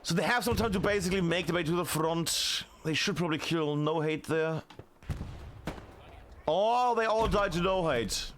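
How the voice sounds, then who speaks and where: A man casting a tactical shooter match solo, chatty and excitable, shouting on big plays. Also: a little high, moderate pace, a little hiss or hum. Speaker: esports caster. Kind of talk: solo play-by-play commentary.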